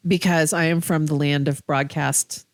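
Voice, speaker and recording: Casting note: lower-pitched Midwestern woman co-host, blunt and wisecracking, dry close mic. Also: steady tone, moderate pace, dry recording. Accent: Midwestern American. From Ohio. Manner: blunt and joking, swears freely. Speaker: podcast co-host. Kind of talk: casual chat.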